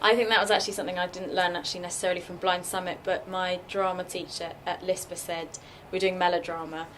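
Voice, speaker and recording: Speaking fast in a low, flat, fairly bright voice, a female guest puppeteer takes questions at a casual Q&A. The session was recorded live in a noisy festival workshop room, and she fills her chatty talk with "likes" and fillers.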